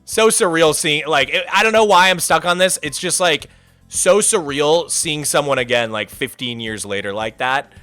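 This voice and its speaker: Bright-voiced animated male streamer. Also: on the high side, normal speed, soft background music. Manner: animated, rambling, repeats himself, lots of "like". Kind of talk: casual storytelling.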